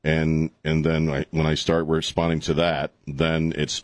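Low-voiced middle-aged man chatting. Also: a little slow, no echo. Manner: relaxed, self-deprecating, asks follow-up questions. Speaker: podcast host. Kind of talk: casual chat.

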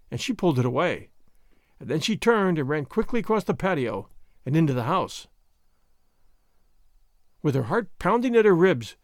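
A man narrating an audiobook in a measured storytelling manner. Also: high-pitched, a little mellow, no room sound, studio quality.

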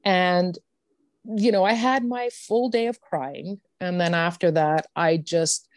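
Woman guest, lowish voice, frank and blunt storyteller who swears and laughs, dry close sound. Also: steady tone, takes it slowly, dry recording. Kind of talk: candid personal storytelling.

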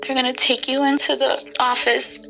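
A woman's voice: high-pitched, level tone, moderate pace, pushed and bright, faint music behind. A mother telling a tense story with urgency, acting out the voices in it. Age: adult, mother of children. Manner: breathless, urgent retelling that re-enacts quoted voices. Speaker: interviewee recounting events. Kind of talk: emotional first-person storytelling.

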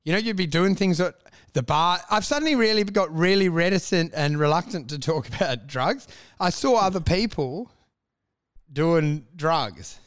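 A man's voice: on the high side, expressive, normal speed, fairly bright tone, clear, resonant tone. A man co-hosting a comedy podcast with wry, rambling banter. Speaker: podcast co-host.

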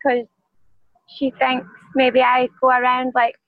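Soft-spoken high Scottish woman on a tinny line. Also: completely flat delivery, slow, no room sound. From Scotland. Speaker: professional fighter guest. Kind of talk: interview answers.

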